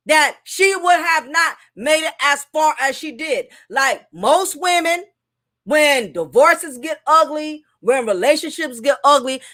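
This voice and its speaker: A woman's voice: sits high, bright, forceful tone. A woman giving a casual, opinionated commentary monologue, emphatic and repetitive, her speech a little thick from recent dental work. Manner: emphatic, opinionated, repeats herself. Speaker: commentary host.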